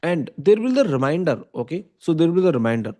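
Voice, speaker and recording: Indian-accented male lecturer, a bit higher pitch, mellow tone, patient step-by-step explainer. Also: big pitch swings, quick pace. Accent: Indian English. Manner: explains step by step, often checking with "okay?" and "right?". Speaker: computer science teacher. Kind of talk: online lecture.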